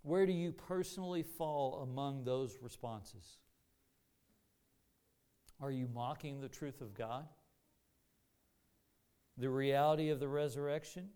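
A man preaching a sermon to a congregation in an earnest, deliberate manner with rising emphasis. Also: mid-range voice, warm tone, clear, resonant tone. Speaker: pastor.

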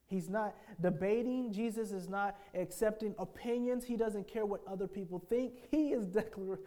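A man delivering a sermon as pastor, with a mellow, darker tone. He moves from quiet, low phrases to strong, emphatic declarations and keeps asking the congregation questions. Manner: swings between hushed phrases and forceful declarations.

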